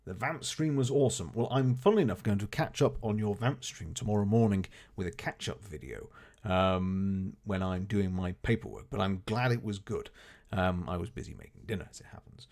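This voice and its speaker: A man's voice: lowish voice, a little fast, a little mellow. A man streaming a game live, greeting viewers and chatting genially as he plays. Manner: chatty, genial, fond of exclamations like goodness gracious. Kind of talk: casual live-stream chat while playing.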